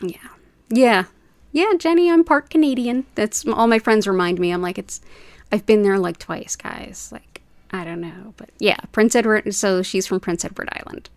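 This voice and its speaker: A woman's voice: mid-range voice, normal speed, dry recording. Host, woman, 40s, rambling casual chat, dry close mic. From United States. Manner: chatty, rambling, says "like" often. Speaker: Reiki livestream host. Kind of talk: casual chat with live viewers.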